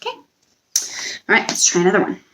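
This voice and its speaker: A young woman teacher giving a recorded spelling lesson to children, patient and drawing out each word. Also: fairly bright tone. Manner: patient, slow, stretches out words.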